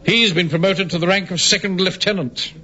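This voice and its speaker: A pompous blustering bank manager. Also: male voice, high voice, fairly even intonation, brisk, sharp tone. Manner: pompous, self-important and blustering. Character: pompous middle-aged male bank manager and platoon captain. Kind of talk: 1970s radio sitcom acting. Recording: hissy, dull old radio recording.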